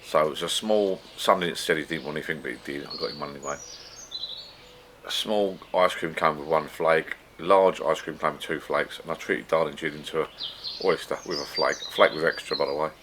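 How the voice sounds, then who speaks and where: Rambling low-voiced middle-aged British man. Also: steady tone, fairly quick, a bit bright, slight background noise. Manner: rambling and chatty, with frequent restarts. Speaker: vlogger. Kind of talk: casual chatty vlog. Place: backyard garden bar shed.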